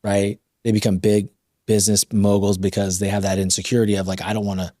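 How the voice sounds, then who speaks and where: A man's voice: fairly low pitch, fairly quick, no echo, studio quality. Emphatic, fired-up male podcast host. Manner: animated, emphatic, motivational. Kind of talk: casual interview talk.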